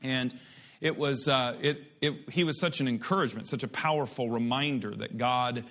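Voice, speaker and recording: A middle-aged man preaching a sermon, reading scripture slowly with rising emphasis, then turning quieter and reflective. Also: medium pitch. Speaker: pastor.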